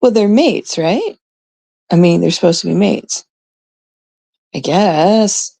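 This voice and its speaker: A woman's voice: fairly low pitch, animated, takes it slowly, gravelly, warm tone, no echo. A Canadian woman livestreaming, rambling casually and talking straight to her chat viewers on a close mic.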